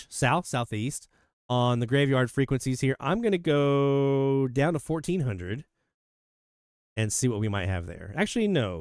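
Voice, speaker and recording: A man hosting a live radio hobby show, chatting casually and enthusiastically as he reads out listener shoutouts. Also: mid-range voice, clear, resonant tone, no echo, studio quality. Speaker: host of a radio hobby livestream.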